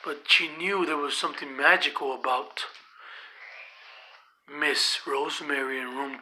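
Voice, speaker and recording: A male storyteller with a sharp, bright voice, telling a spooky tale at a very slow, deliberate pace. He lets his voice drop low and rise loud for drama, and his pitch sits a touch high. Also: fairly even intonation, slight background noise. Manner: slow, dramatic, shifting loudness.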